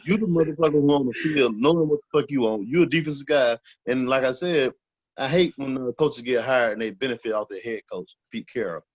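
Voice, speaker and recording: Male co-host, mid-pitched, blunt and profane, recorded dull and dry. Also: brisk, no room sound. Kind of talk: casual sports talk.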